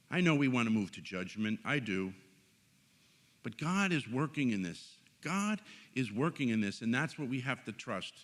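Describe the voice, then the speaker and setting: Male conference speaker, mid-pitched, earnest faith talk with a comic, animated storytelling streak. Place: conference hall stage.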